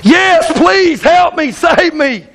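A man's voice: very high voice, steady tone, quick pace, fairly bright tone, voice pushed up. A man preaching a sermon voices a frantic man hanging from a vine on a cliff, pleading for help. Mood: panicked. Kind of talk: acted story in a sermon.

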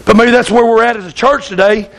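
A man's voice: very high voice, steady tone, fast talker, vocal fry, fairly bright tone, rough recording. A man preaching a sermon as pastor, talking emphatically and often asking his congregation "Amen?".

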